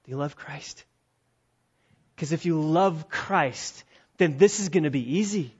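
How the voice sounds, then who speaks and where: A man's voice: on the high side, a little slow, breathy edge. Emphatic preacher man, dull lo-fi sound. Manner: emphatic, swings between hushed and loud, rhetorical questions. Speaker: pastor. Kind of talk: sermon. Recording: dull lo-fi recording.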